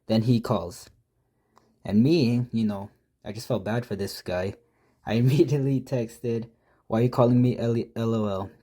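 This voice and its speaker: A man's voice: medium pitch, fairly even intonation, normal speed, mellow. A man casually telling a prank story, reading out text messages with profane, mocking, exasperated commentary.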